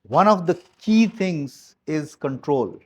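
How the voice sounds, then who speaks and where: A man's voice: on the high side, lively intonation, slow. Blunt, emphatic man giving a team talk. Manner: emphatic, repeats key phrases, blunt with mild swearing. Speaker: business coach addressing his team.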